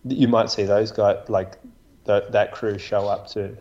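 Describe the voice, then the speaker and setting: A man's voice: on the low side, little pitch movement, a little slow, a little mellow, highs cut off. A man co-hosting a podcast, rambling casually with restarts and many "like"s. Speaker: podcast co-host. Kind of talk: casual chat about running.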